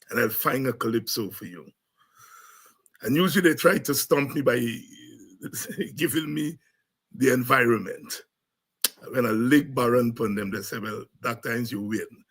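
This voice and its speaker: A man hosting a talk show who breaks into excited shouts and scatting between serious comments. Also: medium pitch, breathy edge. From Caribbean. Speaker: host and lecturer.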